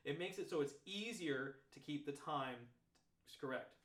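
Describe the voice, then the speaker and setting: A man teaching trombone practice techniques, talking step by step through examples in a relaxed, explanatory way. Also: a little high, normal speed. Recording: roomy echo.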